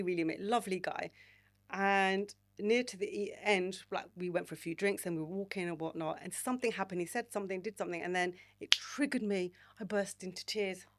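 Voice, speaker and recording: A woman in her forties, a podcast guest telling candid stories in an animated, frank way and swearing freely. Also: mid-range voice. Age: 40s. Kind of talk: candid storytelling conversation.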